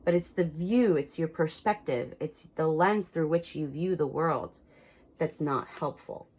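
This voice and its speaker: A woman's voice: deep voice, measured pace, a little mellow, slightly rough. Frank, chatty woman reading oracle cards. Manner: frank and chatty, laughs at herself. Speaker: tarot card reader. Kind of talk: casual spiritual card reading.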